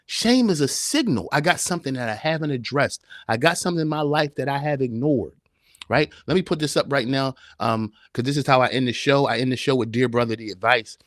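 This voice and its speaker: A man's voice: medium pitch, quick pace, fairly bright tone, no room sound, clean studio sound. A man hosting a live-streamed podcast, talking in an emphatic, preacher-like way and firing off repeated rhetorical questions. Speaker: podcast host. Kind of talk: live-streamed motivational talk.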